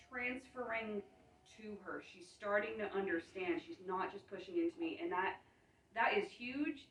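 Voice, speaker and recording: Calm, praising woman horse trainer recorded from afar in a roomy space. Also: mid-range voice. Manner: calm, praising, explains as she works. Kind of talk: hands-on training demonstration. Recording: roomy, distant, faint ambient noise.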